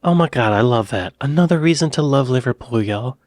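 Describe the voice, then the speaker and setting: American male reaction host, laid-back and playful, mid-pitched, dead-dry room. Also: expressive, a little fast, darkish tone, no echo. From United States. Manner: chatty, playful, says y'all. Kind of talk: casual reaction commentary.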